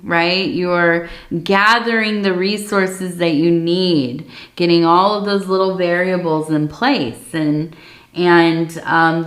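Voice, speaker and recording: A woman giving an ASMR tea leaf reading, talking softly and meandering with many fillers. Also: fairly low pitch, echoey room.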